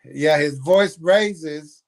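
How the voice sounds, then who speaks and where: A man's voice: on the high side, very slow, vocal fry. A man co-hosting a casual reaction livestream, laughing often and mockingly repeating lines from the clip. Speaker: reaction stream co-host.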